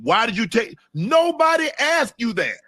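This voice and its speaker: A man co-hosting a sports talk show, questioning the news in an animated, incredulous way. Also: very high-pitched, normal speed, no room sound.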